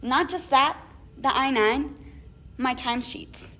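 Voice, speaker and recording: A woman's voice: sits high, slow. Young woman telling a story, laughing. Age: young adult. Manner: animated storytelling, laughing often, acting out emails. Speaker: podcast co-host. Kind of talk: casual chat with friends.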